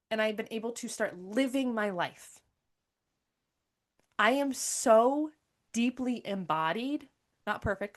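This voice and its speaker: A woman in her thirties talking candidly as a podcast host, emphatic and swearing freely, often repeating her phrases. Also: medium pitch. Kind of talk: candid monologue.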